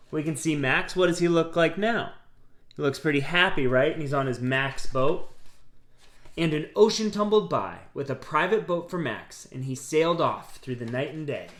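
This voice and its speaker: A man reading a picture book aloud, gently pausing to ask his listeners questions. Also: a little high. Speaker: storybook reader. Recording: roomy echo.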